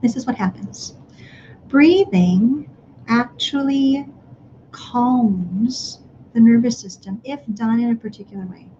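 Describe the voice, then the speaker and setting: A woman speaking to parents in a live online workshop, gently guiding them through breathing exercises. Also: fairly high pitch, takes it slowly, highs cut off, a little hiss or hum.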